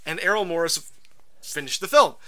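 Podcast co-host, male, bright and crisp voice, rambling animated storyteller, fairly high pitch. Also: moderate pace. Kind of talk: casual chat.

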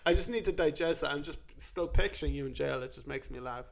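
A man's voice: fairly high pitch, fast talker, gravelly, noisy background. A man co-hosting a podcast in casual, joking, profane banter. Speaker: podcast co-host.

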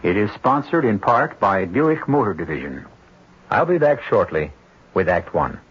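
A middle-aged man hosting a radio mystery show, giving measured, wry, theatrical scripted narration. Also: on the low side, big pitch swings, noisy background. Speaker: host. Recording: dull lo-fi radio broadcast with music.

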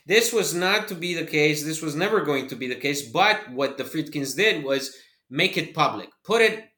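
A man co-hosting a football podcast, talking in a measured, analytical way with fillers. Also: a little high, lively intonation, sharp tone. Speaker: podcast co-host. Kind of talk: casual podcast chat. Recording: roomy echoey room.

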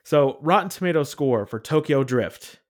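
A man's voice: a little high, moderate pace. Easygoing male podcast co-host. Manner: relaxed storyteller, leads the talk. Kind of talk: casual chat.

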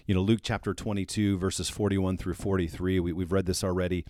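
A man's voice: sits low, little pitch movement, fairly quick, darkish tone, no echo, clean studio sound. A man hosting a faith podcast, giving an earnest devotional teaching on prayer and citing Bible verses as he explains them.

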